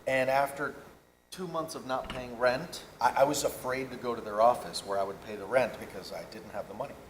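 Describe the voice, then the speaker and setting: A man in his fifties spins animated, wandering anecdotes as a panel guest at a convention. His voice carries an echo from a large hall, with a faint murmur of ambience behind it. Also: medium pitch, fairly quick, a little hiss or hum. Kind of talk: storytelling on stage.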